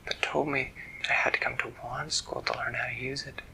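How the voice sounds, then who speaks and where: A man voicing a curious little girl with a new wand, in a whispered role-play with a soft, hushed bedtime delivery. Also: medium pitch, level tone, brisk, creaky, a little hiss or hum, exaggerated voice, poor audio.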